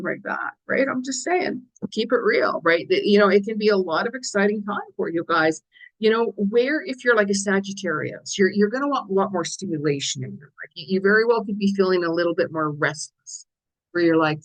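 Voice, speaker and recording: This clip has a rough recording of a woman whose voice sits on the low side, speaking at a moderate pace. She's a middle-aged psychic giving a weekly forecast as casual chat, lively and full of acted-out quoted asides and frequent restarts.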